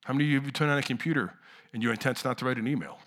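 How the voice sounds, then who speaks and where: A middle-aged man preaching a sermon in a casual, talky way, his voice bright and forward. He sinks to near-whispers on key words and then surges loud again. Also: very fast. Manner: conversational preaching, swings from hushed lows to loud outbursts. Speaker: pastor.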